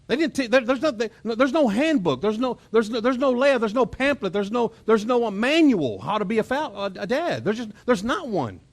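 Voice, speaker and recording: A man's voice: very high voice, sing-song, a little fast, few pauses. A middle-aged man with a Texan accent, preaching a conversational sermon, often repeating words and chuckling as he acts out family moments. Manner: chuckles and mimics family exchanges. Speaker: pastor. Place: church auditorium.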